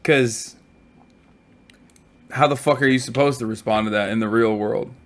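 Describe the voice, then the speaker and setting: A tired man streaming from a hotel room, telling stories in a casual, profane, animated way. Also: mid-range voice, moderate pace. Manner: profane, animated storytelling with mock quotes.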